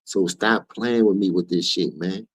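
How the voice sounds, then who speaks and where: A man's voice: deep voice, unhurried, husky, poor audio. A man from New Orleans with a New Orleans accent, hosting his own stream and ranting in heated, profane, preachy commentary. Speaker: streamer host.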